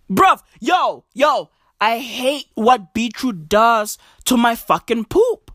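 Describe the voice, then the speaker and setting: Guy doing a sweary standup rant, slow drawn out talk, dry mic. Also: no echo. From South Africa. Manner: profane, animated, slow and drawn-out, jumps into high squeaky voices. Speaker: comedian.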